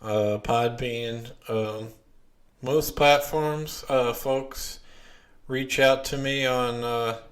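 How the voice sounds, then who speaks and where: A man's voice: mid-range voice, fairly even intonation, drawn-out words. A man hosting a podcast in casual chat, hesitant and full of ums and uhs. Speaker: podcast host.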